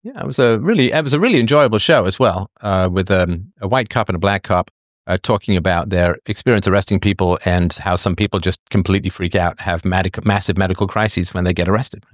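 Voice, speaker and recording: A man's voice: low voice, a little fast, no room sound, studio quality. A man hosting a show, reading and answering viewer comments in a digressive, sardonic way and laughing often. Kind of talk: casual livestream monologue.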